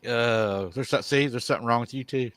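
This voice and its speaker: A man's voice: medium pitch, fairly quick, fairly bright tone, smooth. A man hosting a live show, retelling a viewer's encounter and quoting him at length. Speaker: host.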